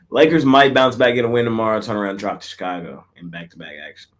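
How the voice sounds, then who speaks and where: Male betting-show host with a lowish voice, easygoing and slangy, tends to mumble his endings. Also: big pitch swings, normal speed. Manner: laid-back, slangy, trails off quietly. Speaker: sports betting picks host. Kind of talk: casual picks chat.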